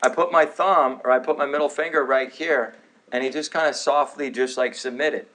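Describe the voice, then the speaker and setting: A man's voice: mid-range voice, normal speed, fairly bright tone, low-quality recording. A man in his thirties teaching a live health class, talking to the room with joking, sarcastic asides and questions to the audience. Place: office classroom.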